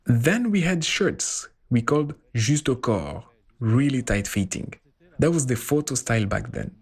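A man voicing a translated interview, telling his story in an animated way. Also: mid-range voice, unhurried, husky. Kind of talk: voiced-over translation.

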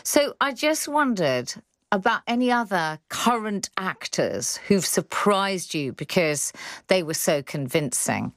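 Lively woman presenting radio. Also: mid-range voice, unhurried, dry recording, clean studio sound. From India. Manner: lively, conversational, playful. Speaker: radio arts show host.

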